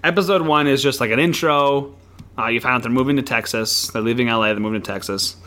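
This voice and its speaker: A man co-hosting a podcast, chatting casually and retelling a show with animated storytelling. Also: medium pitch, fast talker, slight background noise. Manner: animated storytelling with playful impressions. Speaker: podcast co-host.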